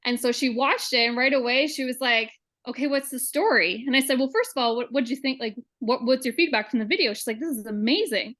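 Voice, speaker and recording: A woman's voice: sits high, a little fast, fairly bright tone. A woman on a video call sharing an earnest personal story, quoting what people said. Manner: earnest storytelling, quotes dialogue. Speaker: call participant.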